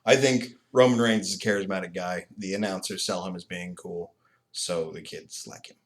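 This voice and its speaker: A man's voice: low voice, normal speed. A man co-hosting a podcast in casual chat, telling stories and laughing often. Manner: animated storytelling, laughs often. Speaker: podcast co-host.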